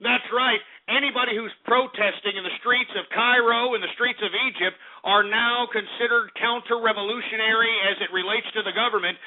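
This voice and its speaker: A man hosting a talk radio show, ranting and swearing with bursts of mock outrage. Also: sits high. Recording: tinny phone-like audio.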